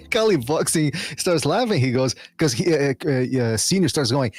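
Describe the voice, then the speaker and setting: A man with a mid-range voice co-hosts a podcast, chatting casually at a moderate pace. He tells stories animatedly and laughs often, in a dry recording.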